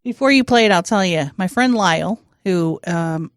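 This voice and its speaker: A woman's voice: medium pitch, lively intonation, a little slow, vocal fry, no echo. Woman, podcast co-host, casual banter, playful, dry close sound. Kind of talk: casual chat.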